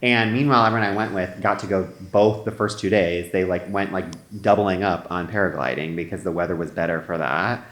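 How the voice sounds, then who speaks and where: A man's voice: sits low, fairly quick, hardly any pauses, a bit bright, roomy sound. A man co-hosting a comedy podcast, telling a story casually with lots of filler words. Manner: rambling, full of "like" fillers. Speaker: podcast co-host.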